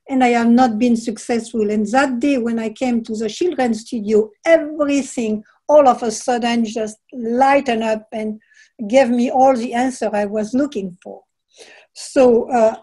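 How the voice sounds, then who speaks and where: An older woman with a heavy French accent speaks in a mellow, soft-edged voice that sits a little high. She talks haltingly, hunting for words, then reads her own book aloud. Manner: halting, searching for words with many fillers. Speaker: author and painter. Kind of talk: casual talk and reading aloud from her book.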